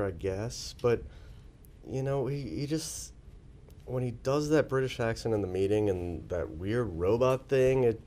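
A man's voice: medium pitch, dark tone, slight background noise. A man playing a patient, exasperated sales colleague in an improvised mockumentary.

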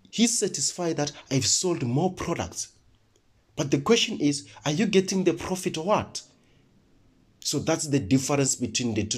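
A man's voice: on the high side, a little mellow. A man teaching a lesson who asks questions and answers them himself, often repeating words while he thinks. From South Africa. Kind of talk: classroom lesson.

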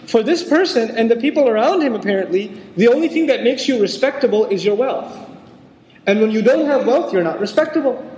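High-voiced man giving an echoey lecture. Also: a little mellow. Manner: conversational, acts out quoted voices. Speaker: Quran lecturer. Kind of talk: religious lecture. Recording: echoey hall with long reverb.

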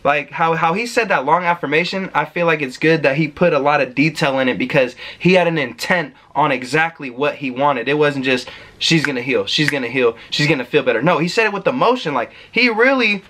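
Bright-voiced young man, slangy and emphatic. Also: a little high, fairly quick, few pauses, a little hiss or hum. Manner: slangy and emphatic, swears, addresses viewers directly. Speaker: self-help video host. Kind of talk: casual motivational talk.

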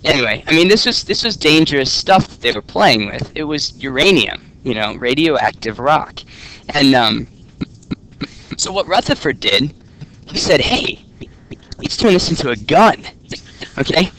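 A man teaching a class in a relaxed, joking way, often checking in with "okay?". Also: a little high, moderate pace, slight background noise. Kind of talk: classroom lecture. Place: classroom with students.

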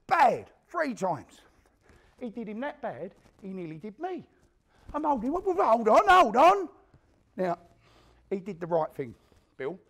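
A man's voice: high-pitched, big pitch swings, unhurried, pauses often, exaggerated voice. A man playing a spiteful London gangster. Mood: grim boasting. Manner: coarse, swearing, vividly re-enacts scenes. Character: hard, spiteful male London gangster recounting a brutal feud. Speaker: actor performing a stage monologue. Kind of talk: theatrical storytelling monologue.

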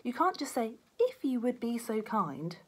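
A man's voice: extremely high pitch, very animated, moderate pace, husky, pitched above the performer's own voice, full character voice. A woman doing a bossy, scolding male detective.

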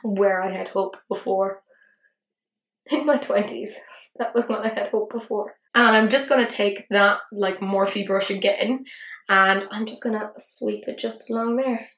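An Irish woman in her thirties chatting casually through a makeup tutorial, self-mocking and quick with soft asides. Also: mid-range voice, fairly even intonation, echoey room, dull audio. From Ireland. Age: 30s. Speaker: beauty vlogger.

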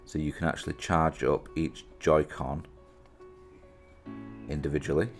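A British man with an unusually deep, low-pitched voice talks through a gadget unboxing in a loose, chatty way. He thinks aloud and pokes fun at himself. Quiet music plays faintly underneath. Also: flat delivery, unhurried. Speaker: reviewer presenting an unboxing. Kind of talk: casual product demonstration.

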